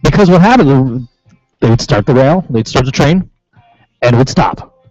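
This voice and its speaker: Profane rambling Western New York storyteller. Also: male voice, mid-range voice, expressive, moderate pace, darkish tone, dry recording, highs cut off, soft background music. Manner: rambling, profane, laughing anecdotes. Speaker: show regular. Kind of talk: casual banter.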